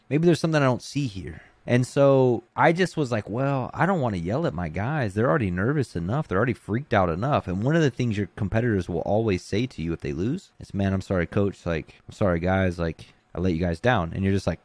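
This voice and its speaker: A man's voice: fairly low pitch, no room sound. A man who coaches jiu-jitsu, talking casually in an interview with lots of "you know" and "like". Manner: relaxed, conversational, many fillers like "you know".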